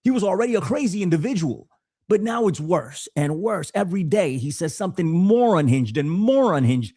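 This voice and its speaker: A man hosting a podcast, giving casual political commentary in an animated way with frequent stammered restarts. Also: high-pitched, brisk, breathy edge, dry recording, clean studio sound. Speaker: podcast host.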